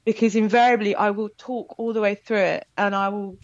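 A talkative woman in an interview, telling lively behind-the-scenes stories. Her sound is dry and a little dull. She talks at a middle pitch. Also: fairly quick, no echo. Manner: chatty, animated storytelling with laughs. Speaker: actor guest. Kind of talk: casual interview chat.

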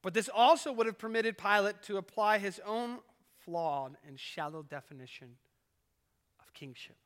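Man, pastor, sermon, earnest preaching, swelling then quiet, echoey church hall. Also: high voice, normal speed. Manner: earnest preaching that rises and falls in volume. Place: church sanctuary.

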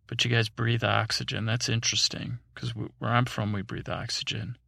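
A man's voice: medium pitch, level tone, moderate pace, creaky, pushed and bright, no echo, studio quality, heavily acted. A man voicing a curious male alien who asks probing questions, in a sleepy bedtime story.

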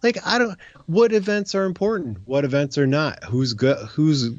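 A man's voice: on the high side, moderate pace, dry recording, lo-fi sound. A man co-hosting a casual podcast, joking and ranting about sports. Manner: animated, jokey rants. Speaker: podcast co-host. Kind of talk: casual chat.

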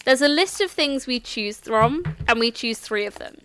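A woman acting as game master, calmly explaining the characters and rules of a tabletop game with some restarts. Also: fairly high pitch, normal speed, a little hiss or hum.

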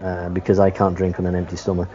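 A man's voice: low voice, completely flat delivery, fast, mellow, soft background music. A man playing a tabletop game, joking around and cutting in with banter. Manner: jokey, interrupting banter. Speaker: player. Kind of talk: casual tabletop game play. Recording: dull lo-fi recording.

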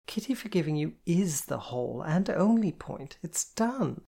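A reader putting on a bossy, teasing older sister who plays the disciplinarian, her voice pitched well above the narrator's and clipped with mock patience. It is storybook character work from an audiobook reading, brisk and commanding. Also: sing-song, gravelly, dark tone, breathy edge, full character voice. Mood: stern.

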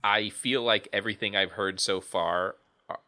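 Deep-voiced man in a bright, rambling chat. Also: steady tone, normal speed. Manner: rambling, restarts thoughts often. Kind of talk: casual chat.

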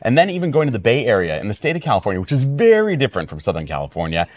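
A man's voice: mid-range voice, huge pitch swings, racing, a little mellow. A man hosting an interview, asking long, rambling questions and praising his guest effusively. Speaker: podcast host, interviewer. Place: venue hall.

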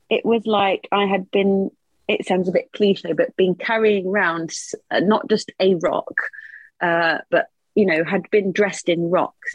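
A woman's voice: lowish voice, dry recording, lo-fi sound. A woman, a mother, telling a personal story as a podcast guest, earnest and open with a light laugh at times. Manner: earnest, open and emotional, laughs a little through hard memories.

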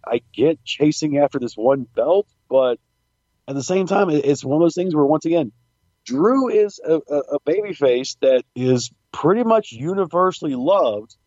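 A man co-hosting a wrestling podcast, with a mellow, dark voice. He talks casually and sarcastically, now and then playing out imagined conversations. His mic sounds dull and lo-fi, and the recording is dry. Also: mid-range voice, dry recording. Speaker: podcast co-host.

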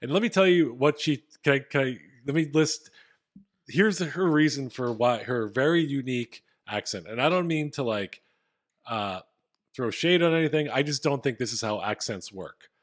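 A man's voice: mid-range voice, lively intonation, moderate pace. A man co-hosting a casual podcast, retelling a story with plenty of fillers. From Philadelphia area. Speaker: podcast co-host.

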